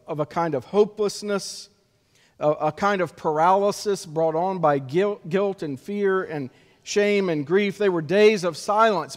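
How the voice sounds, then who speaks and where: A male pastor delivering an Easter sermon in a slow, measured way with dramatic pauses, in a church sanctuary. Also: high voice. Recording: long reverb of a church sanctuary.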